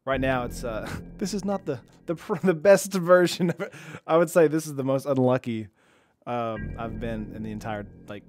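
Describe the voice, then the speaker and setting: A man's voice: medium pitch, normal speed, darkish tone, soft background music. A young man casually commenting while he streams an online card game, chatty and self-deprecating, reading viewers' chat aloud.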